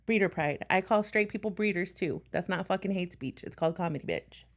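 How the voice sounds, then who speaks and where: A woman's voice: fairly low pitch, fairly quick. A woman talking on a casual livestream in a blunt, defiant way, swearing often.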